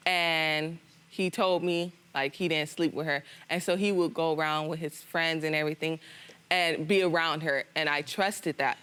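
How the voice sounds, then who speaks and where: A woman's voice: low voice, a bit bright, clear, resonant tone. Aggrieved young American woman. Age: young adult. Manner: aggrieved, insistent. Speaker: litigant. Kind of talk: emotional testimony.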